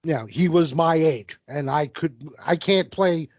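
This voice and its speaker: A man's voice: on the high side, a little slow, dry recording. Profane forties man rattling off stats. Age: 40s. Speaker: podcast co-host. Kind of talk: casual sports chat. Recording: dull lo-fi dry recording.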